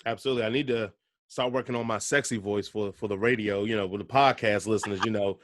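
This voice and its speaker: A man's voice: on the low side, steady tone, fast, dry recording. A man hosting a casual podcast, chatty and laid-back, laughing easily between points. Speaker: podcast host.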